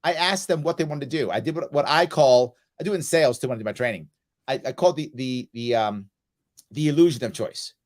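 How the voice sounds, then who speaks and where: A middle-aged man hosting a casual chat, telling parenting stories and acting out quoted lines with loud, animated swings. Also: mid-range voice, brisk. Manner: animated storyteller, acts out quoted lines loudly. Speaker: host.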